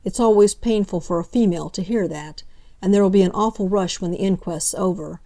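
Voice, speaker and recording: A blunt but kindly police inspector, chatty and plain-spoken, his voice set a little lower and quieter than the narration, as a woman reads him in a storybook. The tone stays warm and mellow. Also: brisk, natural voice. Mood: confiding. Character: blunt, good-natured male police inspector.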